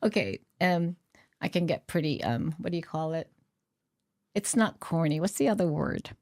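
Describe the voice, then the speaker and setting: A woman's voice: on the low side, expressive, moderate pace, a little mellow, no room sound, clean studio sound. A middle-aged woman being interviewed as a guest, talking in an earnest, reflective way with frequent fillers and restarts. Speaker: podcast guest, author. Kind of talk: candid conversational interview.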